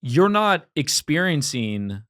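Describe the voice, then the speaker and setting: A man's voice: fairly high pitch, sing-song, takes it slowly, fairly bright tone, clean tone, no echo, clean studio sound. A man from Los Angeles, a comedian guest, telling stories in a loose, rambling way, full of "like" and "dude". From Los Angeles, USA. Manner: rambling, slangy, lots of "like" and "dude". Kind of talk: casual storytelling chat.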